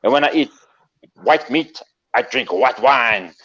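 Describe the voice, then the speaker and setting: A man voicing a boastful fighter pilot during a joke, speaking slowly and grandly over a dull video call line. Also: mid-range voice, fairly bright tone, slightly rough. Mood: pompous. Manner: slow, grandly self-important.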